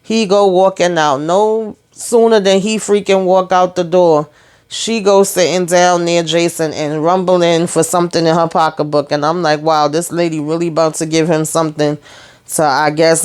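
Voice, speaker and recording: A young adult woman hosting a casual TV episode recap, telling the story in a sassy, animated way with plenty of asides. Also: fairly low pitch, clean tone.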